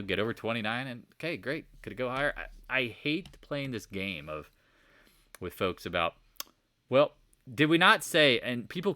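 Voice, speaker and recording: A man's voice: medium pitch, bright, forceful tone, no echo. A man giving a casual, rambling market recap over charts, exasperated and preachy, firing off rhetorical questions. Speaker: market commentator.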